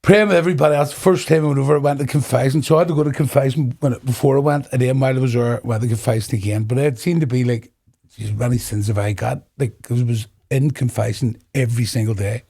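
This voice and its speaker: A man's voice: mid-range voice, fast, hardly any pauses. A middle-aged man with a Northern Irish accent, telling his own story as a guest in an interview and acting out the dialogue. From Northern Ireland. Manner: animated storyteller acting out dialogue, breaks into laughter. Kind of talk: personal testimony in a podcast interview.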